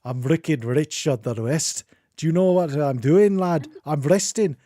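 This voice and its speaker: A man's voice: a little high, a little slow, warm tone, dry recording, clean studio sound, close to an everyday voice. A man putting on a grumpy Scottish witch. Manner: gruff and shooing. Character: grumpy Scottish witch who wants rest.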